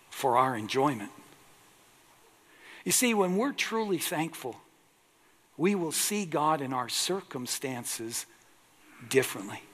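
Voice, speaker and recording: A man's voice: medium pitch, a bit bright. A man preaching a sermon as pastor, earnest and emphatic, drawing out his key words. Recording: long echo of a large hall.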